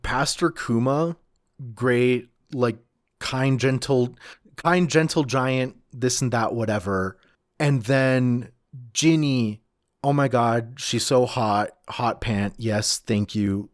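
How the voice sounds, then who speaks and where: A man's voice: mid-range voice, slow, no echo, studio quality. A man co-hosting a podcast, casually recapping a comic chapter in a laid-back way, swearing and saying "like" a lot. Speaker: podcast co-host.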